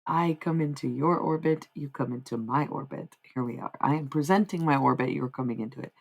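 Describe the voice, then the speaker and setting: Her voice is a bass register, a little fast, husky and full of vocal fry, captured on poor audio. This young woman livestreams casual chat, talking loosely to her viewers, rambling and getting easily sidetracked as she drifts from point to point.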